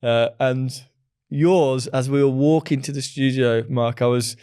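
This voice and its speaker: A man's voice: mid-range voice, steady tone, a little slow, dark tone, clean tone. An English man hosting a podcast interview, upbeat, chatty and self-deprecating. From England. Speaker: podcast host.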